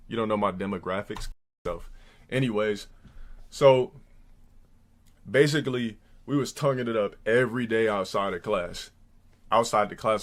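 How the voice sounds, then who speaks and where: A man live streaming, telling a crude story in a loud, profane voice, jumping into high mocking voices to quote people.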